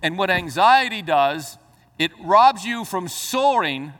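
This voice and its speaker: This pastor's sermon shifts between soft explanation and mounting exclamations, with lighthearted remarks to the congregation. His voice is fairly high, trailed by long reverb.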